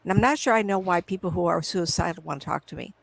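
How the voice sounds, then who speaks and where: A woman's voice: fairly low pitch, fast talker, vocal fry, no room sound, low-quality recording. A middle-aged woman, a psychic medium, talks at home on a video call through her computer microphone. She tells long, wandering stories and acts out her past conversations as she goes. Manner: rambling, acts out remembered conversations. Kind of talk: casual interview storytelling.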